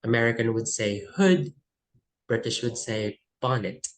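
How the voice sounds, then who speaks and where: A woman runs a vocabulary lesson for test prep. She speaks slowly and deliberately, reading out word pairs and adding quick Tagalog asides. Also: extremely low pitch, animated, poor audio. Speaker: English test coach.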